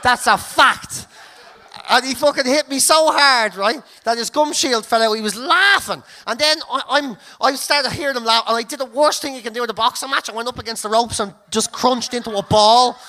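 Irish man, comedian podcast host, very high bright voice, sweary, laughing storytelling. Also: moderate pace. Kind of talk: comic storytelling.

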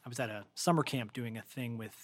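A man co-hosting a podcast, chatting casually and telling animated stories full of fillers and restarts, talking to a guest who is not in the same room. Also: mid-range voice, fast talker, no echo. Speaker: podcast co-host. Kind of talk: casual interview chat.

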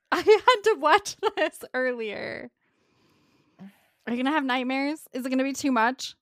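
A woman co-hosting a casual chat, calmly commenting on a video and reassuring her friend with a light laugh. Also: high-pitched, unhurried, no room sound, studio quality. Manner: calm, reassuring, chuckles often.

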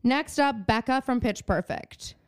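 A woman co-hosting a podcast in casual chat, animated and profane, breaking into mocking impressions. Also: a little high, measured pace, smooth, no echo, studio quality. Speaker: podcast co-host.

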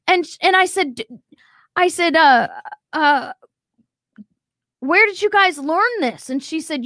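A woman's voice: extremely high pitch, animated, slow, long pauses, bright, forceful tone, dry recording. A woman hosting a commentary show, talking emphatically and acting out quotes as she reacts to a video. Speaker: show host.

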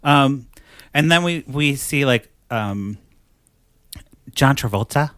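A man talks through a film recap in a loose, joking way, his voice close and dry with almost no room sound. His pitch sits in an ordinary middle range. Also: expressive, fairly bright tone, no echo. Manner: chatty, joking, breaks into quick mock voices. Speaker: podcast co-host. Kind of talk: casual movie recap chat.

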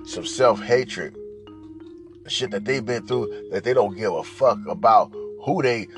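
A man's voice: on the low side, unhurried, music in the background. A man hosting a podcast, ranting crudely and rambling with comic asides and repeated "right?"s. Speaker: podcast host. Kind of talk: profane comedic rant.

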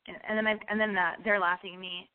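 A woman telling a comic story in an animated, rambling way, full of restarts and asides. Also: medium pitch, fast, smooth. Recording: tinny phone-like sound.

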